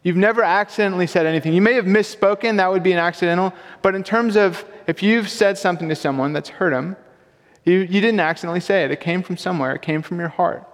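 Young man, pastor, relaxed sermon, high voice, long hall reverb. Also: fast talker. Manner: casual, conversational, self-deprecating humor.

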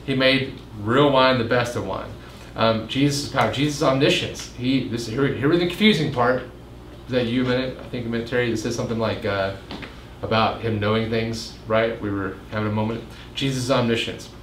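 Conversational male pastor in an echoey room. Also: normal speed. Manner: conversational, jokes and asides, acts out quotes with rising pitch. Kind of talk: casual midweek teaching. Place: meeting room. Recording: roomy echo, faint room noise.

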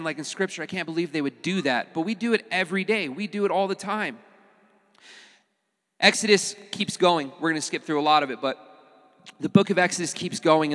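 A pastor preaching a sermon in a casual, animated way, with touches of humor. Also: male voice, high-pitched, long reverb tail.

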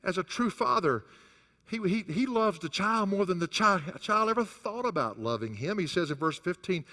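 A male pastor delivers a sermon with a wide, animated pitch range that rises high on his key points. His voice sits a little above average for a man. The sound carries a long reverb, as if from a large sanctuary. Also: moderate pace. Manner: rises and falls sharply for emphasis, chuckles between points.

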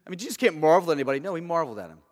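A male pastor preaching a sermon, moving between hushed and emphatic delivery. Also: on the high side, expressive, racing, in a large hall.

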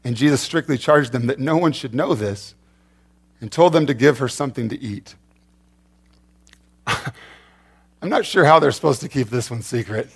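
A man's voice: medium pitch, a little fast, slightly rough. A man preaching a sermon in a conversational way, often repeating words and restarting. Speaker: pastor.

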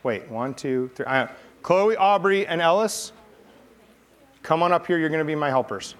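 A man's voice: a little high, normal speed, a bit bright. A man telling a Bible story to children in a playful, chatty way, directing kid volunteers. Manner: playful, chatty, coaxing kids. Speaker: pastor leading a children's message.

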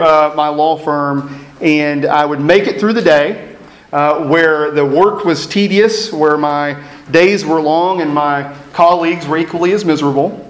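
Man in his thirties, pastor telling a wry personal story in a sermon, slightly high voice, roomy echo. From East Texas. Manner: reflective storytelling with self-deprecating humor. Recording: echoey room.

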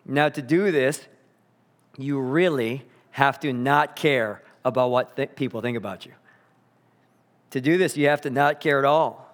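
A man preaching a sermon, earnest and emphatic, slowing down to repeat key phrases, in a church sanctuary. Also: mid-range voice. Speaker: pastor. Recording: long hall reverb.

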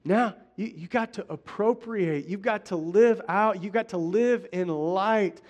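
A man's voice: high-pitched, a little slow, a little mellow. A middle-aged male pastor preaching a sermon in a conversational way, often restarting phrases and speaking straight to the congregation. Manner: conversational preaching, frequent restarts and direct address.

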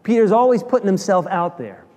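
A man preaching a sermon as a pastor, animated, acting out quoted dialogue as he tells the story. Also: high-pitched, brisk, long reverb tail.

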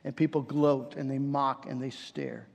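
A man's voice: medium pitch, little pitch movement, unhurried, long reverb tail. A man preaching a sermon, earnest and building to fervent emphasis, often restarting his phrases.

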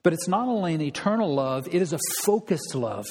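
A man's voice: a little high, sing-song, brisk, darkish tone, breathy edge, big-room sound. A man preaching a sermon as pastor, asking rhetorical questions and repeating key phrases for emphasis.

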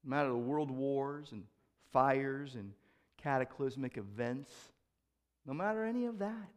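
A man preaching a sermon as pastor, repeating key phrases and asking rhetorical questions, moving between loud proclamations and quieter reflective asides. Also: medium pitch.

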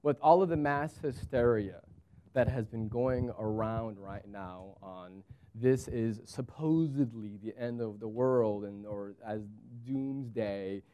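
A pastor in his thirties preaches a sermon, telling stories with animation and swinging widely in pitch.

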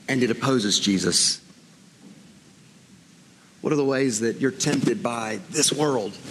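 A man's voice: fairly high pitch, noisy background. A man preaching a sermon as pastor, earnest and full of rhetorical questions. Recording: long hall reverb.

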